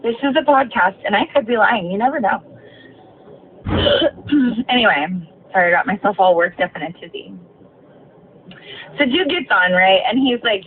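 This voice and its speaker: A woman's voice: a little high, measured pace, pauses often, a little hiss or hum. A woman bus driver, telling a story in a swearing, filler-heavy rant while driving. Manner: ranting, swearing, many fillers. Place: inside a moving bus. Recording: tinny lo-fi phone recording.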